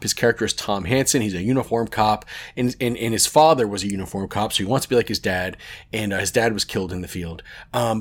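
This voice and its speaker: Rambling, enthusiastic man hosting a podcast. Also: mid-range voice. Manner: rambling, enthusiastic storytelling, swears casually. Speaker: podcast host. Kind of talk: casual podcast monologue.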